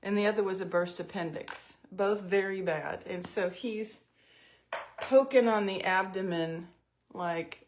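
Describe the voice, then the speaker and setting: A middle-aged woman tells a rambling story at home in an unhurried, drawn-out way, her voice sitting at an ordinary middle pitch. She is chatty and pokes fun at herself as she works through her makeup routine. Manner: chatty, self-mocking storyteller. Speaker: vlogger doing makeup. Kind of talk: casual storytelling vlog.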